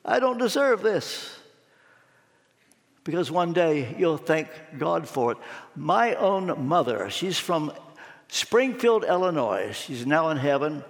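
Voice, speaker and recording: Slow, high-voiced man preaching. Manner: expressive storytelling, with sudden quiet drops. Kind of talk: sermon. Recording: long hall reverb.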